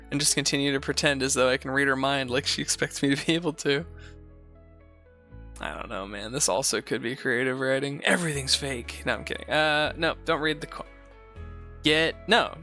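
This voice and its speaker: A man's voice: mid-range voice, steady tone, a little fast, pushed and bright, soft background music. A man hosting a show, reading posts aloud and giving rambling, profane, sarcastic commentary in a casual chat style. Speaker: host.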